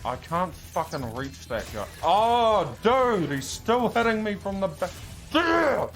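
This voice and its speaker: A man commenting on his own speedrun as he plays, talking to himself, often frustrated, swearing and shouting at enemies. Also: sits high, sing-song, measured pace, faint music behind. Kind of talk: live gameplay commentary.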